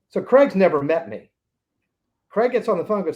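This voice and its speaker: A man's voice: high-pitched, animated, fairly quick, long pauses, darkish tone. A man in his sixties, a podcast guest, telling anecdotes in a casual interview and acting out the voices of the people in them.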